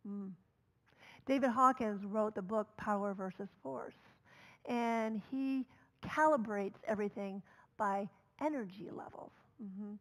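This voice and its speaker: A woman minister giving a storytelling sermon, conversational, moving between loud calls and soft near-whispers. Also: fairly high pitch, low-quality recording. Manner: conversational, with fillers and asides.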